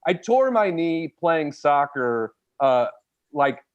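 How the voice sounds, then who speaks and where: A man's voice: on the high side, slow pace, smooth, dull audio. A man, a stand-up comedian, telling a funny personal story in casual, jokey chat. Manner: animated, jokey, acts out voices of others.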